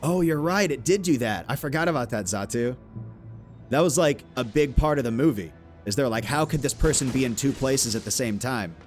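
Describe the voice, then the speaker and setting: A man live-streaming a game, chatting loosely with his viewers and swearing, with sudden loud outbursts. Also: mid-range voice, expressive, brisk, faint music behind. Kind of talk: casual live-stream chat while playing a game.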